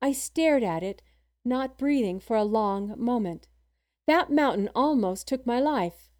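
Woman reading an audiobook, first person, steady and measured, fairly high voice. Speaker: audiobook narrator.

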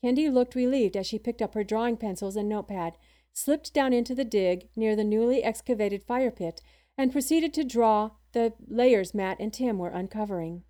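A woman narrating a first-person audiobook in a steady, measured way. Her voice sits a little high.

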